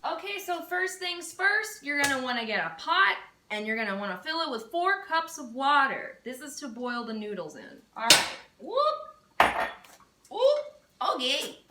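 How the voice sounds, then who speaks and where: A woman's voice: high voice, sing-song, moderate pace, few pauses, echoey room, heavy background noise. A woman, chatting playfully in a casual cooking vlog, with dramatic bursts of mock panic. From Texas. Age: 20s. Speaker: vlogger. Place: home kitchen.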